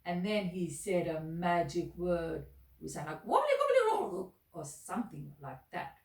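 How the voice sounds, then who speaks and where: Woman, children's story reading, sing-song, expressive, echoey room, mic at a distance. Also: lowish voice, measured pace.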